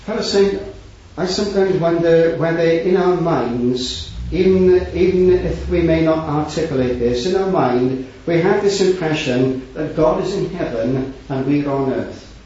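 A man preaches an earnest sermon in a fairly high voice, rising to loud, raised passages and dropping to hushed ones. He quotes scripture in old wording. The recording is distant, dull and lo-fi, with heavy echo from the hall. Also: unhurried, few pauses, slight background noise. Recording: echoey hall, distant mic, dull lo-fi sound.

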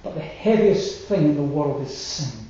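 A man preaching a sermon earnestly, building emphatic lists and dropping quiet on key lines. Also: on the high side, animated, unhurried. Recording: echoey room with faint noise, dull sound.

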